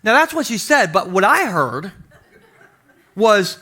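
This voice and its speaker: A man in his forties preaching a lighthearted sermon. His voice sits high and sounds bright and forceful. He acts out his own stories with a lot of animation. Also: a little slow, pauses often. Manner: animated, self-deprecating, acts out quotes. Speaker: pastor. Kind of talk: humorous storytelling sermon. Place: church stage before a congregation.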